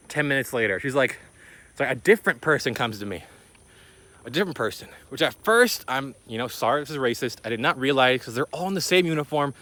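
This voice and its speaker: A man's voice: animated, fast, pushed and bright. Rambling young man telling a story. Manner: rambling, slangy, filler-heavy; rises in pitch when retelling panic. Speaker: vlogger. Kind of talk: casual storytelling.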